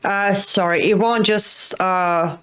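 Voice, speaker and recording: A woman with a mid-range voice hosts live breaking news. She relays updates and sums up events, pausing often with fillers as she talks. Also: mid-range voice, fairly even intonation, a bit bright. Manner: hesitant, frequent fillers. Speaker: host.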